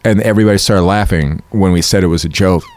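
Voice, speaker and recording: Man, very deep voice, lively storyteller who plays the people in his stories, dry sound. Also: quick pace, no echo. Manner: animated storyteller, acts out quoted voices. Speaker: comedy show host. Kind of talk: casual storytelling chat.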